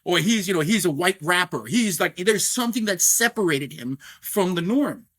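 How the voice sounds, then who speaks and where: A middle-aged man from New York is a podcast guest who owns a scotch brand. His voice sits a little high, and he talks in an animated way, with plenty of filler words and restarts. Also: moderate pace. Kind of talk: podcast interview.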